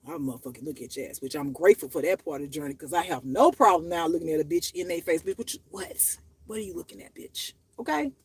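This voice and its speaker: A woman's voice: lowish voice, breathy edge, no echo. A woman hosting her own channel, talking unscripted to her viewers in a blunt, profane, emotional way, her voice rising and dropping as she speaks. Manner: raw and confessional, voice rising and dropping. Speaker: channel host. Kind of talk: unscripted personal monologue to viewers.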